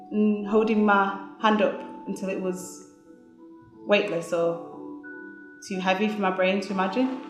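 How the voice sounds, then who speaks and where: Woman in a wry one-woman stage monologue. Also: mid-range voice. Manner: wry, lively storytelling with laughs. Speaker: solo stage performer. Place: theatre stage. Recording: echoey theatre with faint music.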